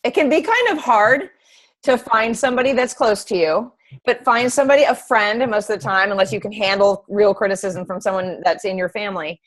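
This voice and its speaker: A middle-aged woman training health coaches in a casual call, chatty and animated, telling anecdotes. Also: medium pitch, brisk, low-quality recording.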